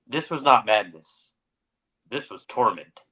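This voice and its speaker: A young man co-hosts a podcast, moving from dramatic story narration into casual chat. His voice has a bright, forward tone. He keeps an unhurried pace. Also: medium pitch, lively intonation. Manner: narrates dramatically, then chats with fillers. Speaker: podcast co-host.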